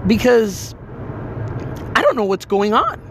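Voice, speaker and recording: A woman's voice: fairly high pitch, wildly swooping pitch, slow pace, slight background noise, exaggerated voice. A man voicing a confused young woman who does not know she has died, speaking in a bewildered, insistent way.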